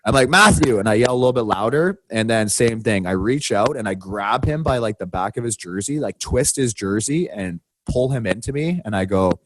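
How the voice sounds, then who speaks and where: With a lowish voice, a fairly quick pace, and few pauses, a podcast co-host chats casually through a story, animated and putting on a raised voice for the quotes.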